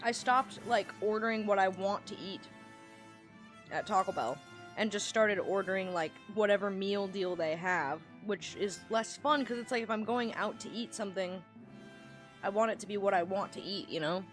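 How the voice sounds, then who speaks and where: A woman's voice: medium pitch, normal speed, faint music behind. A woman streamer in casual livestream chat, ranting and rambling with lots of swearing.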